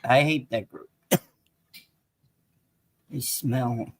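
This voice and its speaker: A man's voice: medium pitch, steady tone, very slow, dry recording. A man co-hosting a casual sports live stream, answering with dry, short replies. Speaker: co-host.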